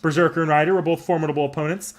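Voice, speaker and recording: A man's voice: fairly high pitch, steady tone, racing, soft background music, close to an everyday voice. A man voicing a proud, dramatic young woman warrior-emperor from a game, with theatrical, flamboyant indignation. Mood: commanding. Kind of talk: voicing game dialogue aloud.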